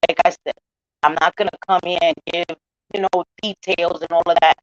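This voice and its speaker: An emotional woman vlogger speaks straight to her viewers, close to tears, pleading softly and then turning blunt and defiant. Her voice comes through a dull, lo-fi mic with a dry, close sound and no room echo. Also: lowish voice, steady tone, normal speed. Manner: earnest, defensive, swings from soft pleading to blunt defiance. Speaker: vlogger addressing her channel. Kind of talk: emotional livestream apology.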